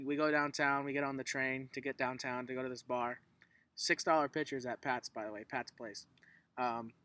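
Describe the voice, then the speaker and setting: A man's voice: mid-range voice, bright, forceful tone, no room sound, rough recording. A man co-hosting a casual sports talk show, telling stories with plenty of swearing. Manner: profane, storytelling, emphatic. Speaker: podcast co-host.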